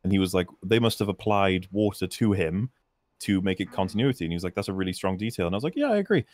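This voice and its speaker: A man's voice: sits low, steady tone, fast talker, darkish tone. A man co-hosting a casual film chat, telling rambling anecdotes with chuckles.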